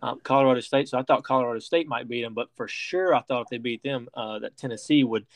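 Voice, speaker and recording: A man's voice: mid-range voice, fast, no room sound. A man hosting a sports podcast, leading the topics in casual sports talk with a rambling, restart-heavy delivery. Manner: rambling, many restarts and fillers. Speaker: podcast host.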